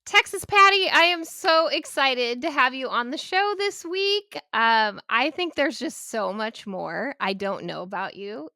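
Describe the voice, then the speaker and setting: Bright, high-voiced woman podcast host. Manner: warm, gushing, laughs easily. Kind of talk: casual interview chat.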